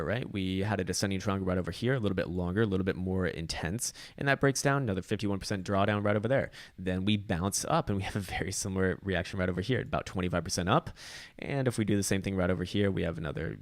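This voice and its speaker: A man's voice: sits low, dry recording. A man giving casual market chart commentary, rambling and profane, with many fillers and restarts. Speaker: crypto chart analyst.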